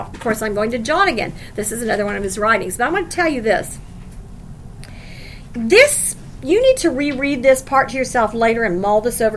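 A woman's voice: a little high, slight background noise, rough recording. A woman teaching a sermon on scripture, emphatic and conversational, asking the listeners questions. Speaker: Bible teacher.

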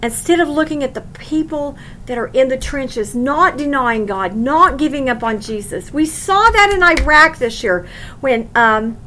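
A woman's voice: high-pitched, lively intonation, unhurried, pushed and bright, a little hiss or hum, poor audio. A woman teaching a sermon on scripture, emphatic and conversational, asking the listeners questions. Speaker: Bible teacher.

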